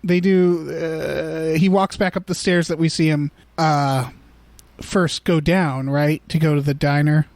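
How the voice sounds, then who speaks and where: High-voiced man chatting about movies. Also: fairly even intonation, unhurried, a little mellow, no room sound. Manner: rambling, restarts, acts out quotes in voices. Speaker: podcast co-host. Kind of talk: casual movie discussion.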